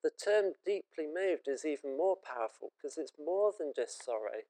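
A man's voice: a little high, lively intonation, normal speed, dark tone, low-quality recording. A British man preaching a sermon in an earnest, conversational and emotive way.

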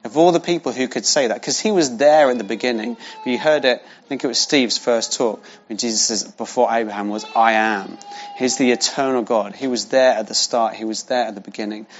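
A man's voice: medium pitch, brisk. A man preaching a sermon in a conversational way, repeating key phrases for emphasis. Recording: dull lo-fi sound.

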